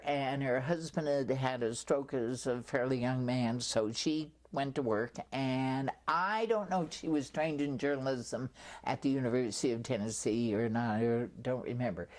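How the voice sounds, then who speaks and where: An older woman in an oral history interview, recounting her years in local journalism as a chatty storyteller with lively asides. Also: very deep voice, normal speed. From California, USA.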